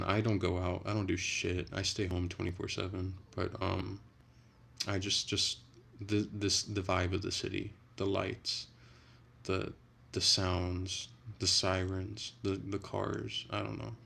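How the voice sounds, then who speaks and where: A man's voice: sits low, level tone, measured pace, gravelly, a bit bright. A man chatting casually on a livestream, rambling and profane, with frequent restarts.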